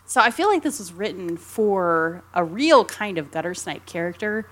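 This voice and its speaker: A woman's voice: lowish voice, animated, moderate pace, fairly bright tone. A woman co-hosting a casual film discussion, chatty and rambling, giggling often between her points. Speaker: podcast co-host.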